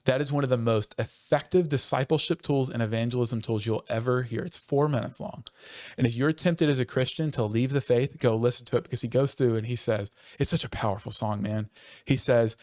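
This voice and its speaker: With a mid-range, slightly mellow voice, a pastor chats on a conversational church podcast recorded in studio quality without echo. He speaks with earnest passion, quickening when moved, and often stops himself mid-sentence to start over.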